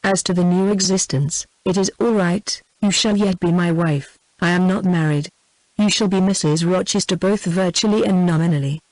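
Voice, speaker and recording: A synthetic female voice with a British English accent, reading the lines of a brooding, passionate middle-aged gentleman in an even, unhurried way. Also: lowish voice, no room sound, close to an everyday voice, low-quality recording. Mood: pleading.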